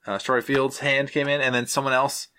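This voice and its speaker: A man's voice: mid-range voice, flat delivery, fast, sharp tone, a little hiss or hum. A man in his thirties co-hosting a podcast, telling rambling stories with many fillers. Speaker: podcast co-host. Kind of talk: casual chat.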